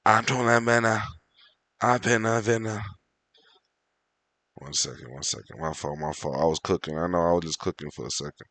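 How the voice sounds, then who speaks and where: A man's voice: deep voice, moderate pace, long pauses, a bit bright, no room sound. A man in his thirties hosting a livestream, ranting casually in a profane, slangy way and often repeating himself. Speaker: livestream host. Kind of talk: casual rambling rant to chat.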